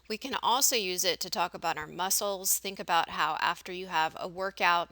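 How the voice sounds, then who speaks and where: A woman's voice: lowish voice, bright, forceful tone, dry recording. A middle-aged woman teaching a recorded vocabulary lesson. She explains each word with everyday examples.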